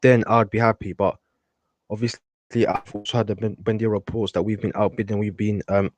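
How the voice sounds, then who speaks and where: A man calling in to a football show, giving his opinion quickly and earnestly, point by point. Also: fairly low pitch, little pitch movement, noisy background. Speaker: caller, football fan. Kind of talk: casual call-in opinion.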